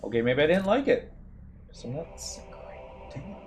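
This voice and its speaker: A man's voice: fairly high pitch, sing-song, a little slow, darkish tone. Rambling man streaming a game. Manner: rambling, reminiscing, self-mocking. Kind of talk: casual gameplay commentary. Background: game music.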